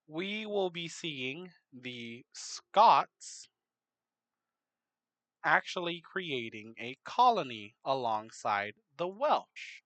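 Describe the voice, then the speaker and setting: A man narrating a map game in casual commentary, unhurried, muttering asides to himself. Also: a little high, sing-song, bright, forceful tone, dry recording.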